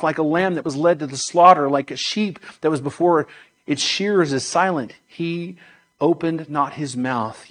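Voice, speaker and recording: A man preaching, reading scripture aloud in a solemn manner, slowing and dropping his voice on key phrases. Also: on the high side.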